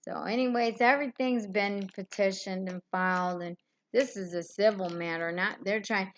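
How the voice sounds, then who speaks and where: A woman's voice: mid-range voice, steady tone, moderate pace. A woman on a live stream, delivering a furious, rambling rant full of swearing.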